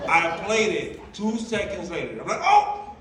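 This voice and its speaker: A man giving a motivational training talk to his team, telling lively stories and acting out the dialogue. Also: high-pitched, a little hiss or hum. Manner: animated storyteller, acting out dialogue. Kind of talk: motivational speech. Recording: roomy, distant sound with faint ambience.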